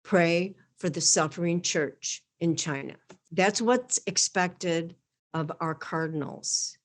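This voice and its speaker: A woman guest reading a homily aloud in an earnest, measured way, rising to emphatic peaks. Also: on the low side.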